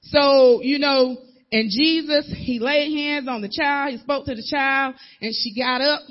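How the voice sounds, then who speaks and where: A woman's voice: sits high, unhurried. A woman minister delivers a sermon with emphatic repetition, hammering single words home and acting out the people she talks about in loose, casual speech. The recording sounds dull and lo-fi. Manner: emphatic, repetitive, acts out voices in casual dialect.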